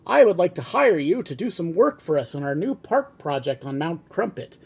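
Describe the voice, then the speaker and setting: An impatient, grumbling Grinch, as a man puts him on in a comic script reading. The voice sits high and a little husky, and it snaps into exasperated outbursts. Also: big pitch swings, normal speed, a little mellow, exaggerated voice. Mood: grouchy. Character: grumpy impatient green male Grinch.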